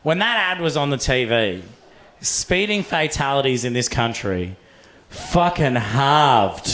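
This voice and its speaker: A young Australian man performing a profane, animated stand-up set in a comedy club, acting out voices as he tells stories. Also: medium pitch, slow, background noise. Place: comedy club stage with laughing audience. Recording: roomy club sound.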